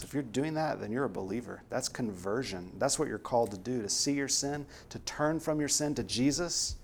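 An earnest man preaching a sermon at an ordinary middle pitch. He leans hard on the words he wants to land and pushes the point home. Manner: earnest, emphatic, rising to stress key words.

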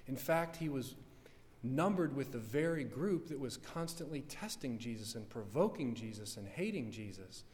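Male preacher, fervent sermon, rises loud then drops hushed, mid-pitched voice, long hall reverb. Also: lively intonation, moderate pace.

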